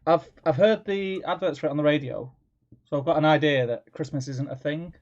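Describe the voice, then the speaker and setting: Gravelly man, dull lo-fi mic. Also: a little high, a little fast. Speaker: co-host. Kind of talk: casual chat on a livestream.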